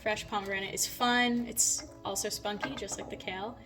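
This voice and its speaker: A woman's voice: medium pitch, fairly even intonation, moderate pace, distant mic, over music. A woman demonstrating a salad recipe in a kitchen, chatty and gushing about the food. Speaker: guest cook. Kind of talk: cooking demonstration chat. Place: home kitchen.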